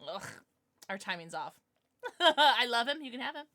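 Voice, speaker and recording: A woman livestreamer chatting casually with her viewers, playful and jokey, thanking them warmly and cooing in baby talk to her dogs. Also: high-pitched, expressive, moderate pace, no room sound, clean studio sound. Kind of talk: casual chat with stream viewers.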